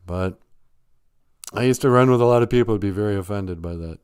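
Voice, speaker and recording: A man's voice: fairly low pitch, fairly quick, a little mellow, smooth, no echo, clean studio sound. A man hosting a live stream, chatting casually and rambling from joke to joke, laughing often.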